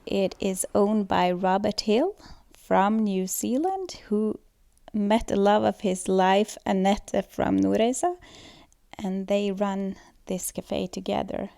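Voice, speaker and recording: Creaky-voiced woman presenting a lesson. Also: mid-range voice, slow pace, warm tone, no echo. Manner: explanatory, reading from a script with small fillers. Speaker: student presenter. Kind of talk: school presentation voice-over.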